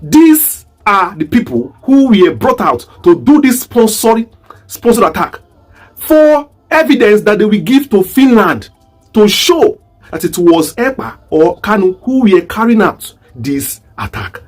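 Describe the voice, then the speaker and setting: A Nigerian-accented man delivers pointed commentary in a high, swooping voice. His tone is a little husky, and he presses his points with question after question. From southeast Nigeria. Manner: rhetorical, emphatic, asks repeated questions. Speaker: online commentator. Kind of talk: commentary video.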